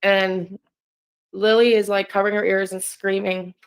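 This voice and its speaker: A woman reading tarot cards live for her viewers. She talks in a hesitant, halting way, stopping and restarting often, with a flat, level tone and a middle-pitched voice. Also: smooth, poor audio. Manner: hesitant, halting, self-interrupting. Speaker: tarot reader and channel host. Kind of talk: live-stream tarot reading, casual chat.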